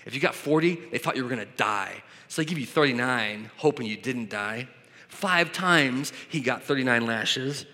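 A man's voice: medium pitch, lively intonation, moderate pace, pushed and bright. Man preaching in a reverberant hall. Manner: reads scripture aloud and comments conversationally. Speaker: pastor. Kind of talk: sermon.

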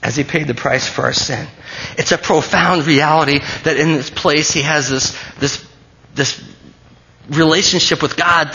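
Bright-voiced preaching man. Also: fairly high pitch, fairly even intonation, a little slow, low-quality recording. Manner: earnest, emphatic, repeats key phrases. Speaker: pastor. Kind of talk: sermon.

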